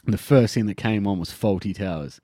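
A man's voice: fairly low pitch, fairly quick, dark tone, no echo. Australian man in dry podcast chat. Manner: swearing, reminiscing. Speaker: podcast co-host. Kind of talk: casual banter.

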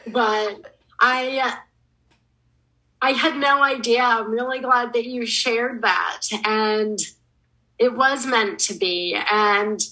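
An earnest woman gives encouraging advice as a podcast guest. She speaks very slowly, with a bright and forceful edge to her voice, and fills her pauses with "um". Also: fairly high pitch, poor audio. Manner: slow, earnest and encouraging, with many "um"s. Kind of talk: casual podcast interview.

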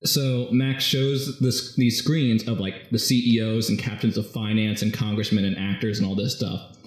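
A man in casual chat, animatedly retelling a comic story and slipping into quick quoted voices. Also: on the low side, level tone. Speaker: podcast co-host recapping a comic. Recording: echoey room.

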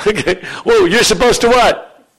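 A man preaching a sermon as pastor, animated and joking with his congregation in a church. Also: sits high, normal speed, vocal fry, slightly rough, rough recording.

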